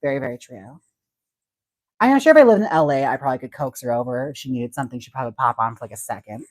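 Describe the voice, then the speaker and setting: A man's voice: mid-range voice, expressive, quick pace, no room sound. A man hosting a casual livestream, chatty and giggly as he talks about wigs and reads out viewer comments. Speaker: livestream host and wig stylist.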